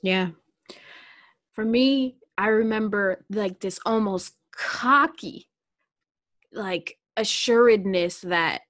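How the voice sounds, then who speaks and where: A young woman co-hosting a casual chat, telling a story in an animated, joking way. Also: mid-range voice, slow, dry recording, clean studio sound.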